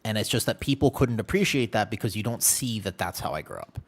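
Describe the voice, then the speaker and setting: A man livestreaming a game, chatting candidly and telling animated stories with playful exaggeration. He is from the United States. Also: lowish voice, fast, breathy edge. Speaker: game streamer. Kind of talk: casual livestream chat while gaming.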